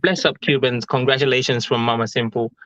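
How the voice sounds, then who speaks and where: A man's voice: mid-range voice, fairly even intonation, brisk, crowd noise. A man co-hosting a casual livestream, joking and laid-back with patois phrasing. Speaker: livestream co-host. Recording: dry, dull lo-fi sound.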